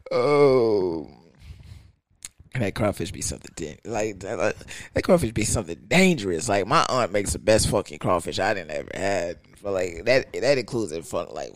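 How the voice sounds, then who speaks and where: Profane, animated young man. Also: mid-range voice, dry recording. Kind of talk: casual storytelling rant.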